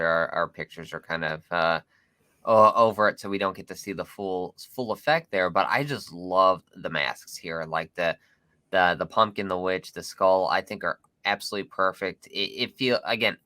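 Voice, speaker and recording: Bright, low-voiced enthusiastic podcast man. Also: no room sound. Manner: enthusiastic, halting with restarts. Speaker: podcast co-host. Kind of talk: casual film discussion.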